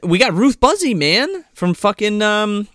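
A man riffing on a movie with friends. His voice swings up and down with animated pitch, the sound is close and dry, and the talk is loose and peppered with swearing. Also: a little slow, no room sound. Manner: loose, profane, laughing asides. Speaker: podcast co-host. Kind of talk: casual movie-review chat.

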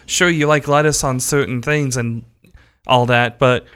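A man co-hosting a casual podcast chat who explains his view in a measured way. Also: mid-range voice, fairly even intonation, fairly bright tone, clear, resonant tone.

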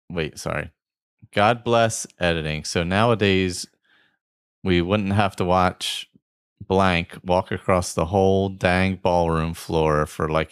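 A man's voice: low-pitched, clean tone, no echo, studio quality. A man hosting a casual movie guessing game, jokey and reading out clues with laughs. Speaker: podcast host running a movie guessing game. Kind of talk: casual chat.

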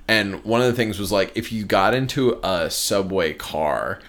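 Animated man casually explaining history. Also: fairly low pitch, normal speed. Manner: animated storyteller, slips into bits and quoted voices. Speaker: podcast co-host. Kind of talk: casual chat.

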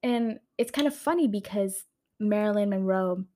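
A woman's voice: mid-range voice, normal speed, mellow. Brief: young woman, casual vlog rant, fired up and profane, mid-range voice, camera mic at home. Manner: heated, swears often, many fillers and restarts. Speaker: video creator reviewing a film.

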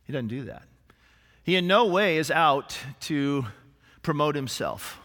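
A male senior pastor preaching a sermon in a church, animated and lively, with humorous asides and acted-out quotes. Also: a little high, measured pace. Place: church sanctuary. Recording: live church recording with long hall reverb.

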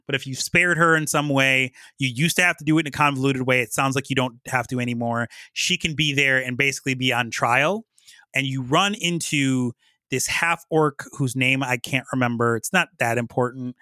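A man's voice: medium pitch, dry recording. A man hosting a podcast, animatedly retelling a video game's plot in casual chat with lots of fillers. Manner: animated storytelling, many fillers. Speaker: podcast host.

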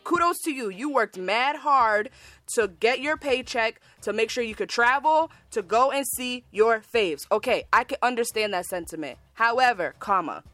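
American woman ranting on a podcast, kinda high voice, dry close sound. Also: lively intonation, normal speed, pushed and bright, no room sound, soft background music. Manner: heated, ranting, frequent "like" and "freaking". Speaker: podcast host. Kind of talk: casual chat.

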